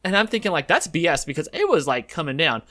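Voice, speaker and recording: Rambling storyteller man, higher pitch. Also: big pitch swings, fast, pushed and bright. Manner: rambling storyteller acting out quotes. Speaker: podcast co-host. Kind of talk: casual chat.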